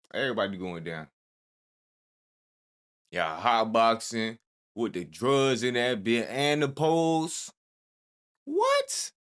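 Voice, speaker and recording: A man's voice: on the high side, a bit bright. A man hosting a reaction video, chatting casually in heavy slang with bursts of disbelief.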